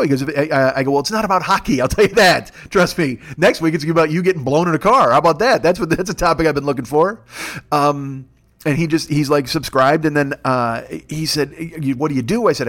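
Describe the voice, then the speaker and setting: A man in his fifties rattles through a rambling comic story at a quick clip, swearing freely and slipping into the voices of the people he quotes. His voice sits a little high for a man, and he gets excitable as the story builds. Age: 50s. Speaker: podcast host. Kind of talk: solo comedic storytelling.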